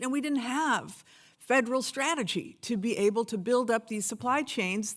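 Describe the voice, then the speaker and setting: A middle-aged woman from the United States giving a conference keynote speech, telling stories in a conversational way with fillers and restarts. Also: lowish voice. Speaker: keynote speaker.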